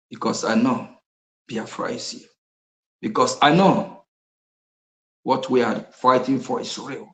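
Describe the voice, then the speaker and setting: A man's voice: medium pitch, unhurried, pauses often, a bit bright, roomy sound, low-quality recording. A man giving an impassioned political speech, repeating his points with bursts of laughter. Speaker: activist speaker.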